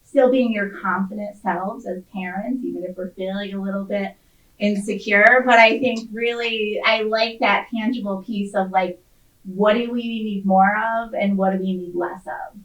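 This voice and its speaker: A woman's voice: medium pitch, fairly even intonation, moderate pace, fairly bright tone, dull audio. A middle-aged woman on a panel talks in a chatty, laughing way with lots of likes. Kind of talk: casual panel discussion. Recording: echoey, from far off.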